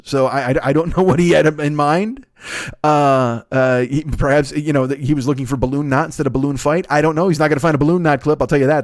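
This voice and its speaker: A man's voice: medium pitch, dry recording, clean studio sound. An American man in his forties hosting a comedy podcast, talking in a rambling, profane, self-correcting way. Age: 40s. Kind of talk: casual rambling monologue.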